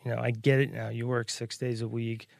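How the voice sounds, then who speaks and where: A middle-aged man speaking earnestly as a podcast co-host, often pausing and restarting. His voice has a gravelly edge at a middling pitch. The sound is dry and close. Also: little pitch movement, no echo. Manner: earnest, hesitant, many ums and restarts. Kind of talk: casual podcast chat.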